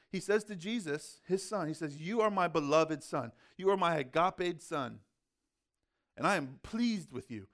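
A man's voice: a little high, fairly bright tone. A man preaching a sermon in a conversational way, with rhetorical questions and casual asides. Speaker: pastor.

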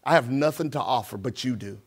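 A man's voice: mid-range voice, fairly quick, husky. A middle-aged man, a guest preacher, speaking in a church in a plain, conversational way that grows more emphatic as he reads scripture. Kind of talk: sermon with prayer and scripture reading. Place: church sanctuary.

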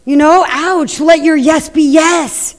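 A woman's voice: sits high, steady tone, takes it slowly. Middle-aged woman preacher, conversational storytelling sermon, long hall echo. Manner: conversational, anecdotal, addresses the congregation. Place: church hall. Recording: echoey hall reverb.

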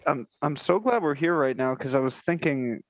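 A man's voice: fairly high pitch, animated, normal speed, no echo. A man co-hosting a podcast, riffing through improvised jokes and laughing mid-sentence. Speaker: podcast co-host.

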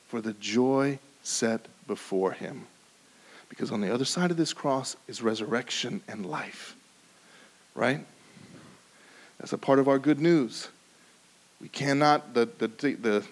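A man preaching a sermon, with sudden rises in pitch and volume and drops to a quiet, low voice for emphasis. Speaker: pastor.

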